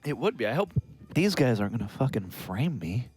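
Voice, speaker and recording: A man co-hosts a podcast, rambling through his thoughts and getting defensive when teased. His middle-pitched voice moves with lively ups and downs. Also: brisk, slightly rough, no echo, faint music behind. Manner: rambling, defensive, hesitant restarts. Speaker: podcast co-host. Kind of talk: casual comedic banter.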